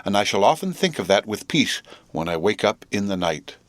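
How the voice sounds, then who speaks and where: A man's voice: fairly low pitch, sing-song, normal speed, no room sound. A man voicing a fussy, affected older woman relative who complains in a prim, indignant tone, in a dry-sounding storybook reading.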